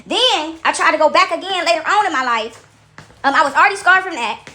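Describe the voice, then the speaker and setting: A woman casually telling a story to her viewers, acting out quotes with animated, laughing exclamations. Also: very high-pitched, brisk.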